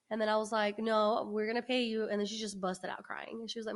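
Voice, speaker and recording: Woman podcast co-host, higher-pitched, animated, chatty storyteller. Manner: animated, chatty storyteller, restarts and quick asides. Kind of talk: casual storytelling.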